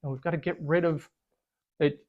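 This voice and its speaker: A Bible study co-host talking through scripture in a casual discussion, thoughtful and halting as they search for words. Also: mid-range voice, fairly even intonation, phone-quality sound.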